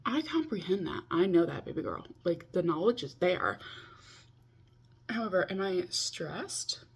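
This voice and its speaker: Chatting over a video call for her confessional vlog, a woman in her twenties mocks herself and scolds herself as she speaks. Her lowish voice is expressive, creaky and husky, delivered at a measured pace.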